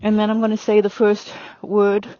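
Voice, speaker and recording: A woman's voice: medium pitch, completely flat delivery, normal speed, mellow, muffled recording. A woman riding instructor talking through a demonstration on horseback outdoors, chatty with lots of fillers, calling commands to her horse.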